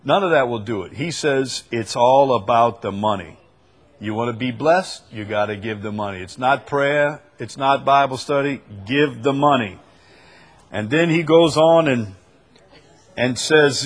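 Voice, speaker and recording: A man's voice: medium pitch, a little slow. A man hosting a preaching talk show, emphatic and repeating his key points. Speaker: host.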